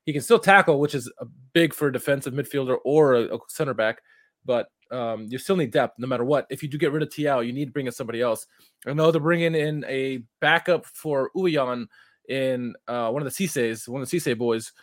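A man's voice: mid-range voice, a little fast, dry recording, studio quality. A man co-hosting a football podcast, talking loosely and correcting himself as he goes. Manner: rambling, self-correcting, loose. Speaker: podcast co-host. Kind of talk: casual football podcast chat.

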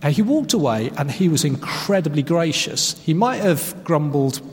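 A man preaches to his congregation, his voice sitting a little high for a man. He tells stories with self-mocking humour and leans hard on his key phrases. The sound carries a long reverb from the hall around him. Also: very animated, moderate pace. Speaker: pastor. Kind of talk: sermon.

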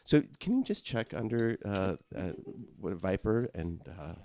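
A man's voice: sits low, a little hiss or hum. A man hosting a comedy talk show, chatting and laughing with guests and a caller. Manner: laughing, animated, quick asides. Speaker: radio show host. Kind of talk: casual comedic chat.

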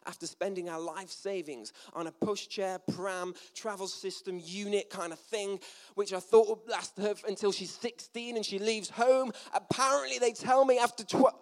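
British man preaching, fairly high voice. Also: steady tone, moderate pace, few pauses. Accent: British English. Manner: chatty, joking, self-deprecating, with asides and laughs. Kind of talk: sermon. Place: church hall with a gathered audience.

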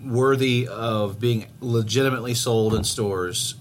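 A man's voice: medium pitch, steady tone, a little slow. A man co-hosting a casual chat, teasing and opinionated. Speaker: podcast co-host. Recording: faint background noise.

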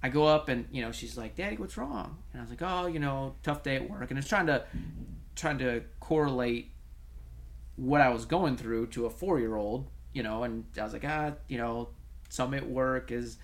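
A man co-hosting a talk show as a coach, telling stories in casual conversation with lots of restarts and fillers. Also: mid-range voice. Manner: animated storytelling with many restarts and fillers. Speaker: podcast co-host, coach.

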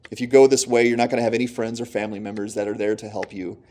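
A man voicing a taunting male devil who accuses a believer in a low, hushed tone. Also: little pitch movement, rapid-fire, close to an everyday voice.

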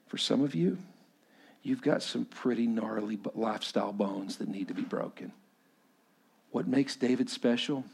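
A man from West Texas with a Texan accent, preaching a sermon and telling a personal story, swinging from loud to hushed. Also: mid-range voice, lively intonation, moderate pace, vocal fry, breathy edge. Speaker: pastor.

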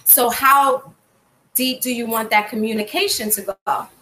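High bright-voiced woman, frank casual chat, reads comments out. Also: steady tone, a little slow. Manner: frank, chatty, reads viewer comments aloud. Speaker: podcast co-host and blogger.

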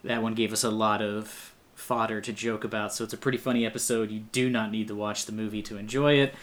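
A man's voice: lowish voice, little pitch movement, quick pace. A man hosting a podcast in casual chat, with a dry, sarcastic sense of humor. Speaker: podcast host.

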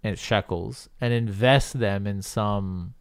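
Low-voiced man arguing sarcastically. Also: slow, smooth, no echo, clean studio sound. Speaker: podcast co-host. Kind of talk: casual political chat.

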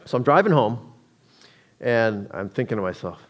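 A man's voice: mid-range voice, lively intonation, unhurried. A man giving a public talk to an audience, telling a story in a conversational way with frequent restarts.

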